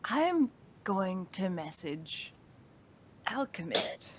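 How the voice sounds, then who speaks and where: A woman's voice: mid-range voice, sing-song, drawn-out words, breathy edge. A woman playing a tabletop game casually, rambling with many restarts. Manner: rambling, lots of restarts and fillers. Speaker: player.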